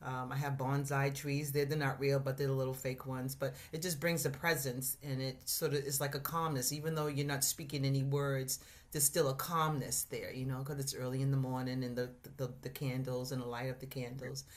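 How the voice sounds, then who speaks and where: A woman sharing a personal testimony in a church discussion, reflective and halting, with many fillers and restarts. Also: very deep voice, little pitch movement. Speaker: congregation member sharing testimony.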